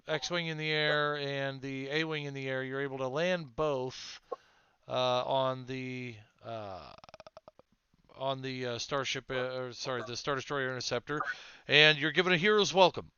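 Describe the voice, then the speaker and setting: A man's voice: mid-range voice, bright, forceful tone, smooth. A man narrating a tabletop role-playing game as game master, laughing often and mocking himself lightly. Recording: dull lo-fi dry sound.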